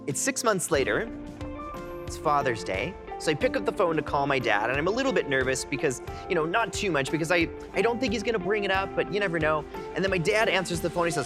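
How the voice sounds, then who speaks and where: A young man in his twenties tells a personal story as a keynote speaker. His voice sits a little high and turns animated and heartfelt. Music plays clearly underneath him. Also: fast talker.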